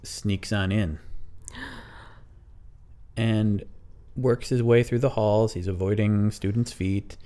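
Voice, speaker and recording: A man's voice: lowish voice, fairly even intonation, slow pace, pauses often, dark tone. A man co-hosting a podcast, improvising a bedtime story with hesitant, rambling asides and dry humor. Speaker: podcast co-host.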